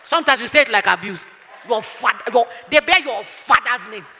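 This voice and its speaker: A woman's voice: fairly high pitch, animated, a little fast, sharp tone, in a large hall, a faint crowd. A woman pastor preaching emphatically, firing rhetorical questions and telling stories. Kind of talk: sermon.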